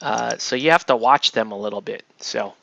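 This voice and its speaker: A man hosts a casual miniature painting tutorial, chatting and rambling as he works and often checking in with "right?". His mid-range voice moves at a normal speed with vocal fry and a bit of brightness, and the recording sounds dull, lo-fi and dry.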